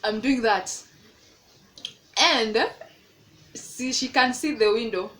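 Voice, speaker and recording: A woman's voice: slow pace, low-quality recording. A young woman in her twenties with a Kenyan English accent, telling a storytime vlog and acting out the people in it. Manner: animated, acts out quoted voices in a much higher pitch. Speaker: vlogger.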